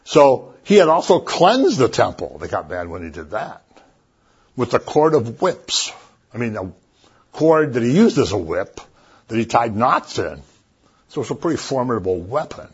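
A man preaches in an easygoing, chatty way, spinning stories and asides as he goes. His voice is husky at a middling pitch. The recording sounds dull and lo-fi. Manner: conversational, animated storytelling with asides. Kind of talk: casual sermon.

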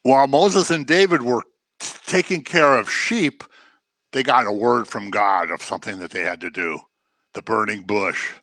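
A man preaching a sermon in an animated way, acting out the voices he quotes. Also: medium pitch, normal speed, no echo.

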